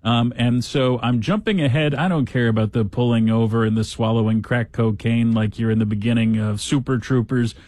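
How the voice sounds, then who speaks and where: A man's voice: medium pitch, fairly even intonation, normal speed, hardly any pauses, a little mellow, no echo. Guy host riffing on a news story, sarcastic asides, dry close sound. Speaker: talk show host. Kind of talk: casual news commentary.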